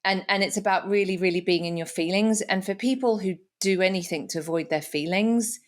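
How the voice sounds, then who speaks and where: A woman's voice: mid-range voice, a little fast. A middle-aged woman hosting a podcast, talking candidly and reflectively, with frequent restarts. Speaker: podcast host. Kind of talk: casual conversation.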